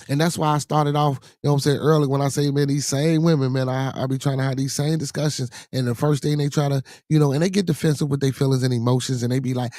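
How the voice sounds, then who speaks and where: A man's voice: a little high, creaky, no echo. Profane middle-aged man, dry mic. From Chicago, USA. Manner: profane, rambling, with many repeated fillers. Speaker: podcast host. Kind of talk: casual podcast monologue.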